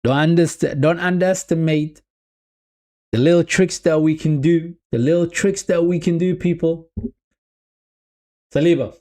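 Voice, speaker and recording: A man's voice: on the high side, unhurried, long pauses. Chatty man doing live football commentary. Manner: repeats phrases, addresses viewers as people; chatty, swings between excited and deflated. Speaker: football watch-along streamer. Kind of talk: live match watch-along commentary.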